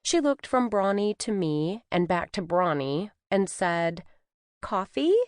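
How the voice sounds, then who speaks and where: A woman narrates a cozy mystery in the first person, her voice lowish and full of lively pitch movement. She tells the story with expression. The studio recording is dry and close. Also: a little slow, smooth, dry recording. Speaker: audiobook narrator. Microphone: studio microphone.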